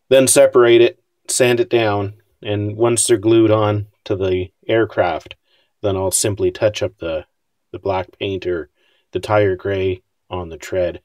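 A man's voice: fairly low pitch, a little mellow, no room sound, clean studio sound. A man casually talking through his scale model build, wry and self-deprecating about his mistakes.

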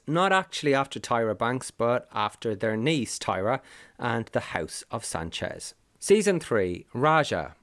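A man reads a scripted list of explanations, dropping in brief wry asides along the way. His voice sits at a middle pitch. The recording is dry and close, with no room sound. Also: no room sound. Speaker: video narrator. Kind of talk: scripted narration. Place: lives in the UK.

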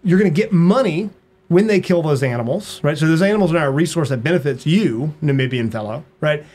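Brief: male podcast guest, lively storyteller, fairly high-pitched, keeps saying "right?". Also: brisk. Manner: animated, hums sound effects; frequent "right?" tag questions. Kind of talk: storytelling in conversation.

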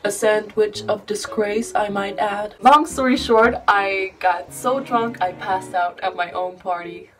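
A woman's voice: medium pitch, fairly even intonation, measured pace, few pauses. A woman narrating a confessional storytime and swearing often. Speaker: vlogger. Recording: distant mic with background music.

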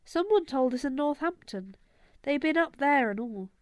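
A woman's voice: sits high, animated, normal speed, dry recording, pitched above the performer's own voice. A woman doing a scrappy slangy young boy. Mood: excited. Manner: rough slangy speech.

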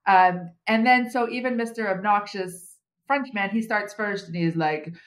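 A woman's voice: mid-range voice, measured pace. A middle-aged American woman, an HR consultant and podcast guest, talking in a wry, self-mocking way with many fillers. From United States. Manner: humorous, self-deprecating, chatty with many fillers. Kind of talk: conversational interview.

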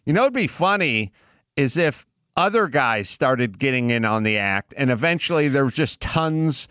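Dry-voiced comic podcast host riffing. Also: male voice, mid-range voice, animated, pushed and bright, clear, resonant tone, dry recording. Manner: riffing, swearing, quick jokes. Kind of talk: casual comedic banter.

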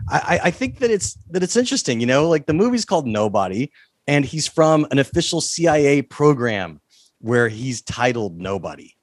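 A man's voice: mid-range voice, big pitch swings, moderate pace, no echo, clean studio sound. A man hosting an interview, asking direct questions and steering the conversation. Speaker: interview host.

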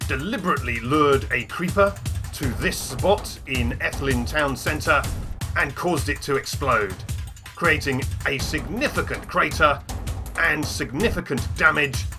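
A man voicing a formal male TV news announcer who reads a bulletin in a stiff, deliberate way. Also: a little high, music in the background, pitched above the performer's own voice. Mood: grave.

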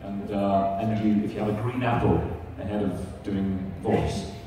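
A man's voice: lowish voice, a little slow, crowd noise. A man speaking as a voice actor on a convention panel, explaining the craft with practical tips. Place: large convention hall. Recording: echoey hall, distant mic.

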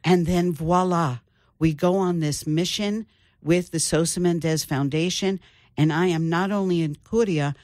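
An older woman, an author, telling her family story in an interview with thoughtful pauses. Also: lowish voice, a little mellow, no echo, clean studio sound. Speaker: author guest. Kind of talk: interview conversation.

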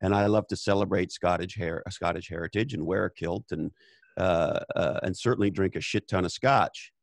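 A Canadian man hosts a casual conversation, telling stories bluntly and swearing freely. His low, creaky voice moves at a moderate pace, recorded with no room sound.

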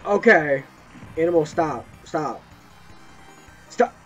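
A young man giving excited gameplay commentary, yelping and swearing as he plays. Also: fairly high pitch, slow pace. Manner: excitable, yelps and swears at the game. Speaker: gameplay streamer. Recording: muffled lo-fi mic with game music.

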